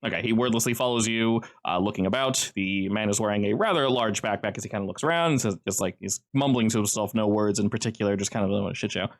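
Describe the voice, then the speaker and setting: A man's voice: on the low side, quick pace, hardly any pauses. A man narrating as game master, casual and loose, with lots of fillers.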